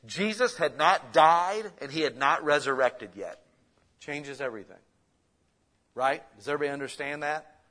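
A man preaching a sermon as pastor, conversational and lively, swinging between loud bursts and soft asides. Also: a little high, normal speed.

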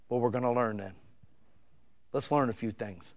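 A middle-aged male pastor preaching a sermon in a folksy, conversational way, breaking into loud emphatic bursts. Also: mid-range voice, sing-song, normal speed.

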